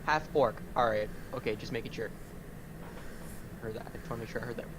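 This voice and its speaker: A man's voice: medium pitch, quick pace, noisy background. A man playing in a casual tabletop role-play game, joking and rambling. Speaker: player.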